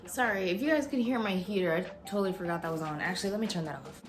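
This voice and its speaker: A young woman vlogger casually telling a story at home, animated and swearing freely as she acts out what people said. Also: fairly low pitch, racing, faint music behind. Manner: animated, swears freely, voices others in quotes. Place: home room with a heater.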